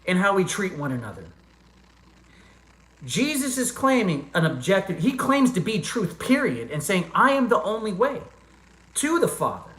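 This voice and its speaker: A man's voice: a bit bright, roomy sound, rough recording. A man hosting a live chat stream, talking earnestly and directly to viewers and calling them brother and man. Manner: earnest, talks straight to chatters, calls them brother and man; reads chat comments aloud in a low mumble. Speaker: livestream host answering chat.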